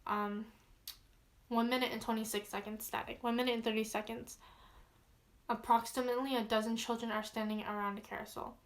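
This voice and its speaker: A woman's voice: a little high, little pitch movement, brisk. A woman casually reading a horror log aloud as a vlogger, chatty, easily spooked, with many fillers.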